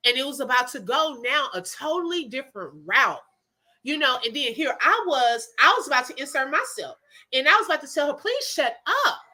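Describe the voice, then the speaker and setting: A woman chats with her viewers as she tells a story, her voice high and sweeping up and down. She sounds bright and animated, breaking into laughs easily. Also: a little fast. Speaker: livestream host chatting with viewers. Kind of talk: casual storytelling chat.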